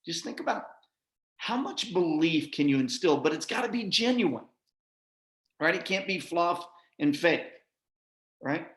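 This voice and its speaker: A man's voice: a little high, expressive, measured pace, pauses often, fairly bright tone. A middle-aged man giving a folksy, motivational sales-training talk, often checking in with his listeners. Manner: folksy, repeats "right?" often. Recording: echoey room.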